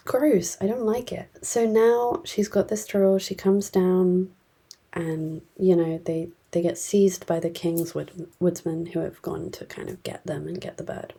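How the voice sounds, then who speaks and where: A woman's voice: on the low side, gravelly, warm tone, breathy edge. A woman casually recapping a novel she read, rambling with lots of fillers and the odd whispered aside. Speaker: book reviewer.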